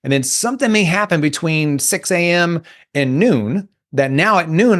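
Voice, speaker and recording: A man's voice: on the high side, normal speed. A man, a coach and guest, explaining ideas in a casual interview and acting out his own thoughts. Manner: animated storytelling, acts out inner thoughts. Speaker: guest, emotional intelligence coach.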